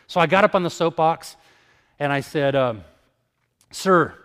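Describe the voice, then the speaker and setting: A man giving a sermon-style talk, telling stories with lively acted-out dialogue. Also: fairly high pitch, a little slow, clear, resonant tone, big-room sound. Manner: animated storyteller, acts out dialogue. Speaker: evangelist speaker.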